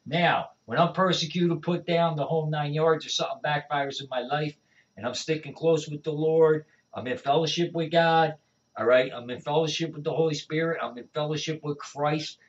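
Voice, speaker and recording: Man, evangelist storyteller, fairly high voice, distant muffled recording. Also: moderate pace. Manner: animated storyteller, repeats "all right?". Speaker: evangelist guest. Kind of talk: conversational testimony. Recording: dull distant lo-fi sound.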